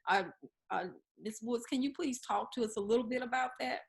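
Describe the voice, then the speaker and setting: A woman's voice: on the high side, creaky. A woman hosting a talk show, framing questions for her guest with frequent restarts. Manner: halting, restarts sentences while framing questions. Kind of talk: interview.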